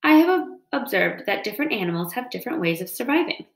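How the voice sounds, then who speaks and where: A woman reading aloud and voicing a calm, polite female robot who speaks formally. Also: fairly high pitch, fast talker. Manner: even, formal, plain-spoken. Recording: roomy echo.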